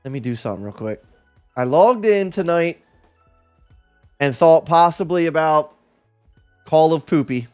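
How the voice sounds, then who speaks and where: A man's voice: fairly high pitch, lively intonation, a little slow, long pauses, darkish tone, clean tone, soft background music. A man livestreaming in a casual chat, rambling and self-deprecating as he talks with his viewers.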